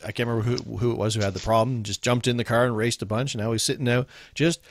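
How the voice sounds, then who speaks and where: A man co-hosting a casual chat, animated and joking by acting out imagined lines. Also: medium pitch, fast, slight background noise.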